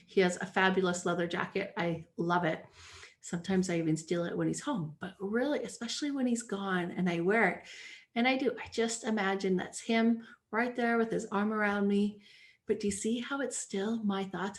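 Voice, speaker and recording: A woman talks through her own podcast in an easy, conversational way. Her pitch sits in a middle range for a woman. She is chatty and animated, and she slips into quoted dialogue to act out little exchanges. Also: normal speed. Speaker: podcast host and life coach. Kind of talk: casual podcast monologue.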